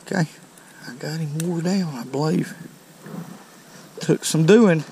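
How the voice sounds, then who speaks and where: A fishing channel host narrates casually to viewers outdoors by a creek, folksy and exclaiming as each fish comes in. His voice is on the high side yet dark in tone, gravelly and slow, with slight background noise.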